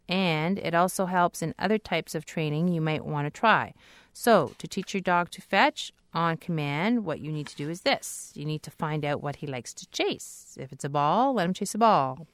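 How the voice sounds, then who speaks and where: A woman gives an upbeat lesson on training dogs, now and then jumping into a high sing-song praise voice. Her voice sits low and sounds smooth and clear. The sound is dry and close, with no room around it. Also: no room sound. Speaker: dog trainer. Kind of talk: instructional talk.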